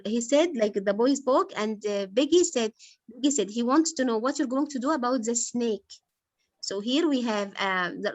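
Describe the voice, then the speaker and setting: Enseignante, arabe, voix assez aiguë, son sec et proche : explique un roman à sa classe avec patience, pose des questions aux élèves. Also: female voice, a little high, no room sound. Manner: patient, quizzes pupils, many fillers like "like". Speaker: English literature teacher. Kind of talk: explaining a novel to a class.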